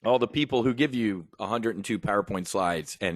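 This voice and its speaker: A lower-pitched man runs a live options trading broadcast. He talks in a loose, rambling, enthusiastic way and punches his points hard. The recording is dry and close, with no room sound. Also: moderate pace, few pauses, no echo. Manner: energetic, rambling, conversational, emphatic. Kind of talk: livestream trade brief.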